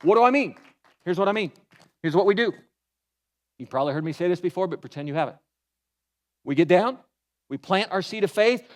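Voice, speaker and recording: A pastor giving a sermon in an animated, folksy way, mixing humor into his storytelling. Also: a little high, a little fast, pauses often. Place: church.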